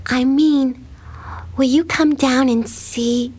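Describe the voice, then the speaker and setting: A woman voicing a shy, dreamy little girl who talks softly and hesitantly in a storybook reading. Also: high voice, fairly even intonation, takes it slowly, husky, pitched above the performer's own voice, full character voice. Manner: soft, timid and hesitant.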